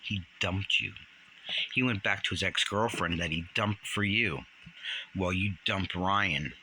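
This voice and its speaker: A man in his sixties hosting a commentary vlog, ranting in an indignant, animated way and jumping up in pitch when outraged. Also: unhurried, a little hiss or hum, poor audio. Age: 60s. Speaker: channel host.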